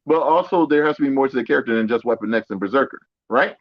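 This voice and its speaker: A man co-hosting a casual podcast, speaking haltingly and restarting his sentences. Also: medium pitch. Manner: halting, hesitant, repeats himself. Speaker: podcast co-host. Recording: dull lo-fi audio.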